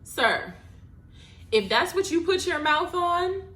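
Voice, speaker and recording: Animated woman telling a story, bright tone. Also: extremely high pitch, takes it slowly. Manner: animated, swearing, mock-exasperated asides. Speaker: podcast host. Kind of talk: casual storytelling monologue. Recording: echoey room.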